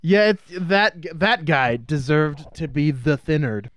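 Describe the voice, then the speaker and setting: Crude, joking male podcast co-host, slightly high voice, dry close mic. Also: expressive, slow, dry recording. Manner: joking, crude, mocks characters in silly voices. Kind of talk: casual movie-review chat.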